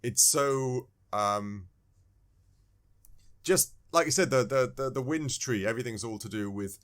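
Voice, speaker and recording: A male podcast co-host in casual chat, middle-pitched and animated. He rambles, restarts his thoughts and chuckles as he goes. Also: a little slow. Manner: rambling, animated, searching for words; chuckles often while talking. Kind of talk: casual game discussion.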